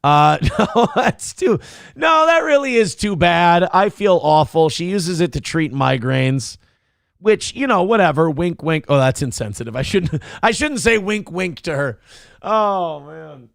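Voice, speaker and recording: A man's voice: high-pitched, sing-song, a little slow, creaky, dry recording, studio quality. A man hosting a live-streamed commentary show, rambling and joking crudely while reading out chat comments. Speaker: host.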